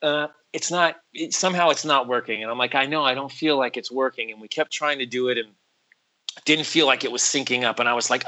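A man telling a story in casual chat, animated and acting out quotes in other voices, with lots of "like" and "bro". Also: mid-range voice, quick pace, low-quality recording.

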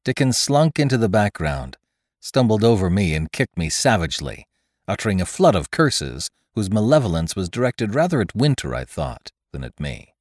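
A male narrator reads an adventure tale in a steady, measured way. His voice sits very low. The recording is dry and close, with no room sound. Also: no room sound. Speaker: podcast narrator. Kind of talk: audiobook narration of an adventure story.

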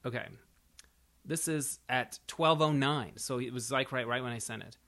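A man with a middle-pitched, ordinary voice, talking on a podcast. He chats casually and tells stories in an animated way. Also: moderate pace. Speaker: podcast co-host. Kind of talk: casual chat.

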